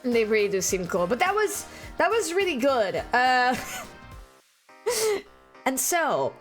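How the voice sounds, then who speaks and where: A woman's voice: high voice, big pitch swings, slow pace, faint music behind. A young adult woman streaming and chatting casually, rambling and giggling often while teary and emotional. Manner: giggly, rambling, self-deprecating.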